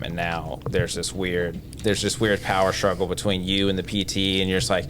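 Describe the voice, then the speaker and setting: A man's voice: low voice, level tone, normal speed, music in the background. A man, a gym owner and trainer, chatting bluntly and emphatically as a podcast guest. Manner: blunt, emphatic, speaks from experience. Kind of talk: casual podcast chat. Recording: noticeable background noise.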